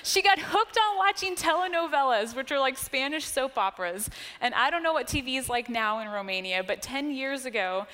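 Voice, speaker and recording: An American woman in her thirties giving a sermon, telling personal stories in a chatty way, laughing often and dropping to a hush on key points. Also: sits high, lively intonation, moderate pace, hardly any pauses. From United States. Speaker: church speaker. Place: church sanctuary. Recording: long church-hall reverb.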